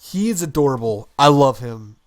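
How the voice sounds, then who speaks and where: A young man co-hosting a podcast in casual chat, excitable and gushing, swearing freely as he talks. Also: medium pitch, normal speed. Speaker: podcast co-host.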